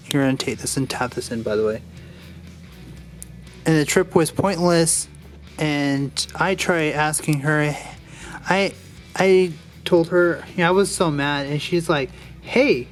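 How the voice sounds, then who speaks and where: Rambling young-sounding man explaining a build. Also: a little high. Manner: rambling, digressive, restarts sentences. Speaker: Lego build reviewer. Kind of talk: casual build tutorial with rambling personal story.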